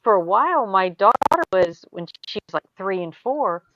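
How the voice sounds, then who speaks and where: A middle-aged American woman telling stories in a relaxed group chat, laughing often and trailing off into asides. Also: mid-range voice, no echo, highs cut off. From United States. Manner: chatty storyteller, quick laughs, trailing asides. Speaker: show host. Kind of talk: casual chat.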